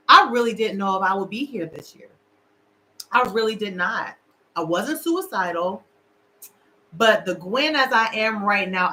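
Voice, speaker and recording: A woman's voice: on the high side, bright, forceful tone, rough recording. A middle-aged woman hosting a casual livestream, candid and emotional, talking straight to her viewers. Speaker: show host. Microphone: livestream camera.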